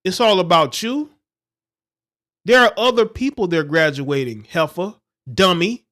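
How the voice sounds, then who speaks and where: A man's voice: high-pitched, measured pace, a bit bright. A male livestream host who reads a news story aloud and breaks off into scornful, insulting, preachy commentary. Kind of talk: reading news and ranting commentary.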